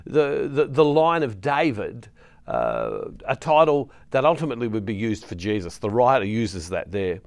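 A middle-aged man leading a Catholic ministry, giving an earnest devotional talk that pauses to explain scripture verses. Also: medium pitch.

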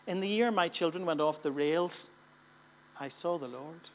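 A man's voice: a little high, moderate pace, slight background noise. A middle-aged man from Northern Ireland with a Northern Irish accent, preaching a sermon to a church gathering with rhetorical questions and building, repeated lines that swell with emphasis.

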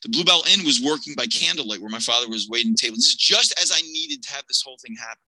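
A man in his fifties from Pennsylvania, a podcast guest telling a personal story with animated energy, acting out the people in it. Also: medium pitch, quick pace, low-quality recording.

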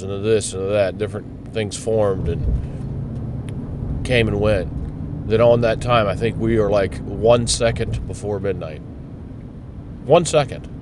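A man with a low voice rambles through a blunt, profane monologue, talking as he drives. His car is on the road, and its rumble comes through clearly under his voice. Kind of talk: ranting monologue while driving. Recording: car road noise behind.

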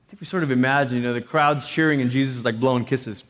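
A man preaching a sermon, animated, with joking asides and voices put on for quotes. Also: mid-range voice, very fast, hardly any pauses. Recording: long reverb.

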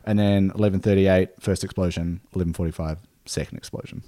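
A man's voice: sits low, quick pace. A man, co-hosting a podcast and casually retelling a true story with plenty of fillers. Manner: relaxed, laid-back retelling with frequent fillers. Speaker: podcast co-host.

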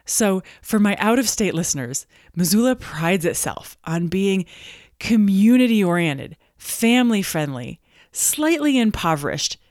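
A woman from Montana hosting a solo podcast, telling stories in an animated way and acting out voices of the people in them. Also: mid-range voice, measured pace, no echo, studio quality. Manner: animated storytelling, acts out quoted voices. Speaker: podcast host and business coach.

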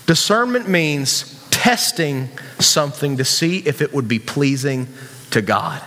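A high-voiced man preaches to young people in a casual, joking way, often asking the crowd questions. His voice carries a long reverb from a church hall. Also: animated, a little slow, bright, forceful tone. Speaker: youth pastor. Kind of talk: sermon.

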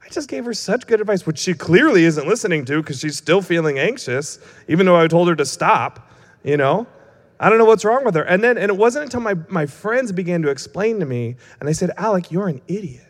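A young man preaches in a loose, conversational way, mixing self-mocking stories with teaching. His voice sits slightly high for a man, and a long reverb hangs after each phrase, as in a church hall. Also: lively intonation, a little fast. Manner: casual, humorous, self-mocking. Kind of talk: sermon with storytelling.

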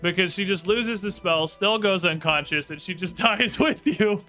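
A man's voice: sits high, normal speed, sharp tone, soft background music. A man narrating as game master of a tabletop game, laughing often.

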